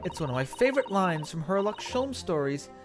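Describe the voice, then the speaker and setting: A man's voice: sits high, very animated, fairly quick. A man reading a courteous young woman assistant. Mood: earnest. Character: polite young Japanese woman assistant, eager fan of detective stories. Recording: game music behind.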